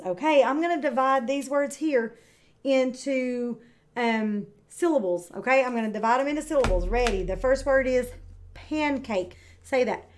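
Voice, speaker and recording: A woman teaching kindergarten, speaking slowly and clearly with encouraging, drawn-out words for young children. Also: high voice, darkish tone. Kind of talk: read-aloud lesson for young children.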